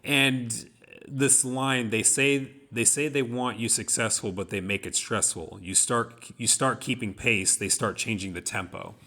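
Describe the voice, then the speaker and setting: Bright-voiced man talking earnestly. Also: mid-range voice, steady tone, a little slow. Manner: earnest, reflective storytelling with many restarts. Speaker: podcast co-host. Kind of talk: casual discussion of song lyrics.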